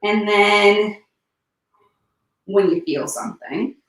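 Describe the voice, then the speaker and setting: A woman teaching a one-on-one yoga session, cueing poses and breathing with calm, unhurried instruction and soft breathy asides. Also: mid-range voice, recorded from a distance. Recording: echoey room, voice a bit off-mic.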